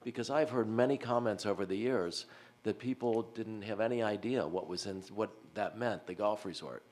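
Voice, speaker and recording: A man's voice: on the low side, normal speed, darkish tone. A man speaking as a council member at a public meeting, rambling and tentative with fillers.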